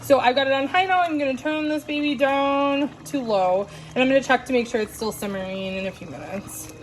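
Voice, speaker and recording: A woman's voice: sits high, a little fast. Chatty woman cooking at home. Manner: chatty, talks to viewers while cooking. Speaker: cooking vlogger. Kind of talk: casual cooking demonstration. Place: home kitchen.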